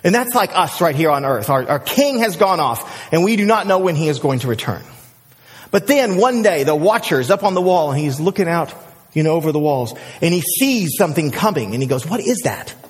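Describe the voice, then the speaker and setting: A male pastor preaching a sermon, who tells the story with lively energy and then drops to a hushed prayer. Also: a little high, a little fast, in a large hall. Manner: animated storyteller, swings from excited shouts to hushed prayer.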